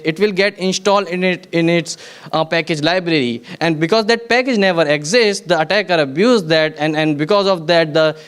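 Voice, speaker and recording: Man, conference speaker, technical talk, clear resonant voice, slightly high, halting restarts. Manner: frequent restarts and repeated words, explaining step by step. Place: conference venue.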